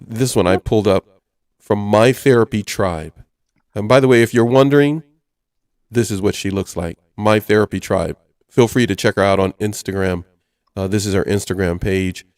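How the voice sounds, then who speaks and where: A man's voice: on the low side, moderate pace, a little mellow, dry recording, clean studio sound. A man hosting a casual radio talk show, reading items aloud in a chatty way. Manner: chatty, reads list items aloud, chuckles often. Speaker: host.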